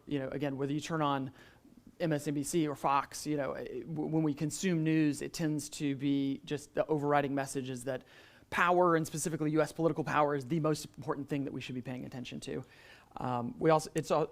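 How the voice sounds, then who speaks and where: Man, church class moderator, pitched slightly high, loose and conversational, draws answers out of the room. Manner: conversational, many "um"s and restarts, quizzes the class. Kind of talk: adult Sunday school class teaching.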